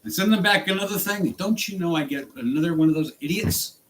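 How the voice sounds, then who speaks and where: An angry man from the United States ranting in a vlog about his work as a rideshare driver, exasperated and jumping in pitch. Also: a little fast, a bit bright, low-quality recording. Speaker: rideshare driver and channel host.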